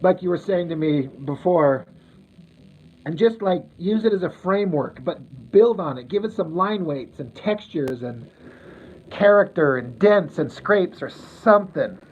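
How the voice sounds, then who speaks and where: A livestreaming artist sketches while answering chat, rambling casually, poking fun at himself and chuckling at his own jokes. His voice is high, expressive and darkish in tone, and he takes his time; the audio is tinny and phone-like with faint noise.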